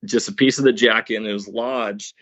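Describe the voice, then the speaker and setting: A man's voice: fairly low pitch, fairly even intonation, brisk, a bit bright, dry recording, highs cut off. A man guest on a podcast, earnestly telling a hunting story step by step, with many restarts. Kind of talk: casual storytelling interview.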